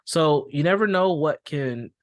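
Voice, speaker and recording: A man's voice: on the high side, lively intonation, a little slow. Conversational man explaining anxiety on a podcast. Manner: conversational, repeats phrases, acts out quoted reactions. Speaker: podcast host and school therapist. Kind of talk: explanatory podcast talk with anecdotes.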